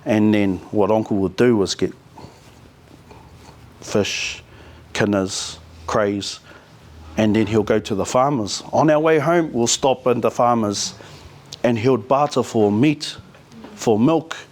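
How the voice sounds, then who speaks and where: A man's voice: lowish voice, slow, pauses often. Casual NZ-accented man, middle-aged, easygoing storyteller at a community talk. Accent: New Zealand. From New Zealand. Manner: relaxed, storytelling with te reo Māori words. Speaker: community speaker.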